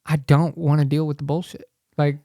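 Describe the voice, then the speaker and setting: A man's voice: a little high, little pitch movement, moderate pace, mellow, no echo, studio quality. A man in his thirties, co-hosting a podcast in casual, rambling chat full of swearing. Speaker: podcast co-host.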